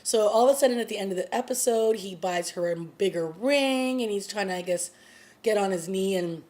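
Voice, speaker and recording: A woman vlogger with a medium-pitched, slightly mellow voice talks fairly quickly. She gives a casual, chatty recap of a TV episode, retelling the plot with plenty of fillers.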